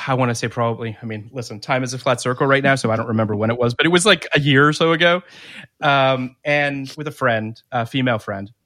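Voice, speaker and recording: A man's voice: mid-range voice, sharp tone. A man co-hosting a podcast in casual chat, opinionated and prone to stammering restarts. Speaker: podcast co-host.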